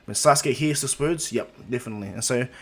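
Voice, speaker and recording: A man's voice: medium pitch, quick pace, a bit bright. A man casually telling a fan-made story, rambling with fillers and restarts.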